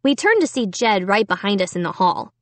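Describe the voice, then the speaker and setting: A woman's voice: medium pitch, sing-song, fairly quick, no room sound. A woman giving a scripted first-person audiobook narration.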